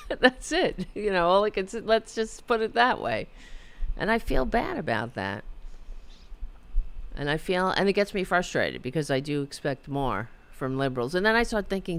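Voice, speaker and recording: A woman's voice: fairly low pitch, big pitch swings, unhurried, clear, resonant tone. A middle-aged woman hosting her own talk show from her apartment, rambling and self-deprecating, reading chat messages aloud. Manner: reads viewer chat aloud. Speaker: podcast host.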